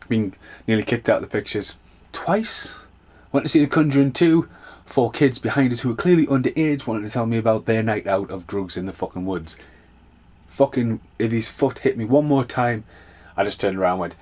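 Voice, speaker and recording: A man's voice: mid-range voice, normal speed, breathy edge. A man hosting a podcast, rambling through a casual, sweary solo rant. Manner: rambling, sweary, animated storytelling. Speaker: podcast host.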